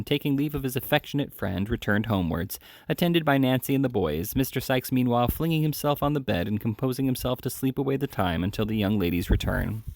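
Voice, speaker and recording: A man reading a classic novel aloud at a steady pace, now and then correcting a slip. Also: mid-range voice, no room sound, studio quality. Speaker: audiobook reader.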